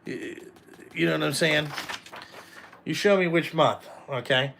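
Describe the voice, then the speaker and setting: A man's voice: fairly high pitch, measured pace, gravelly, a bit bright, a little hiss or hum. Blunt, profane man ranting casually. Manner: blunt, profane, rambling, addresses viewers directly. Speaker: trucking company owner and vlogger. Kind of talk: casual live chat.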